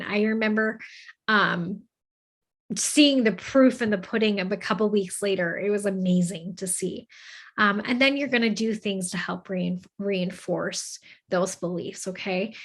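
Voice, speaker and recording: A woman hosting a self-help talk, earnest and encouraging, often checking in with "okay?" and "right?" and slowing down to recite affirmations. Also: mid-range voice, a bit bright. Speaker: host of a self-help channel.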